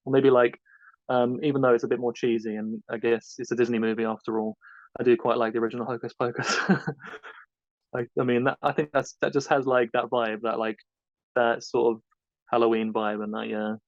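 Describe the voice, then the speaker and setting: Flat-voiced man, dull dry recording. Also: mid-range voice, a little fast, dry recording. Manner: rambling, loose and hesitant. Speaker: podcast co-host being interviewed. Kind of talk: casual interview answers.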